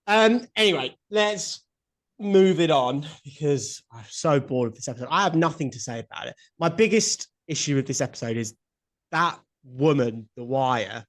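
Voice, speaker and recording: A man co-hosting a podcast in casual chat, blunt and quick to swear. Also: fairly high pitch, lively intonation. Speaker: podcast co-host.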